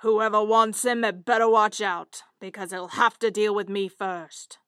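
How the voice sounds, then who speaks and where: Brief: brave poor male woodcutter, stern warning, lower and loud, storybook, read by a woman. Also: flat delivery, a little slow, clean tone, dry recording, clean studio sound, lightly acted. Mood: threatening. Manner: stern, threatening.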